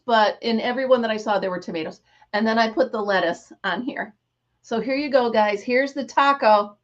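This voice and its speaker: The speaker is a middle-aged livestream host, chatting casually over her crafts while animatedly telling stories and calling out viewer names. Her voice is fairly high and the sound quality is dull.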